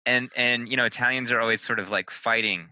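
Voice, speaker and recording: A man's voice: medium pitch, steady tone, fairly quick, bright, forceful tone, no echo, rough recording. A man co-hosting a podcast in casual discussion, often stammering and repeating words as he speaks. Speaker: podcast co-host.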